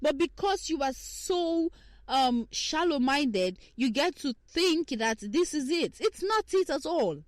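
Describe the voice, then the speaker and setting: A young woman hosting a casual talk on relationships, swinging between hushed asides and heated rants. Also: sits high, expressive, takes it slowly, dry recording. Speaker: podcast host.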